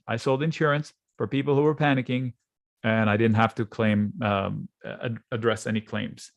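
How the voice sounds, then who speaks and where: A man teaching options trading in a relaxed, conversational way, acting out panicked traders in quick asides while he draws on charts. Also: mid-range voice, no room sound. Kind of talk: screen-share trading lesson. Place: at a computer, drawing on charts.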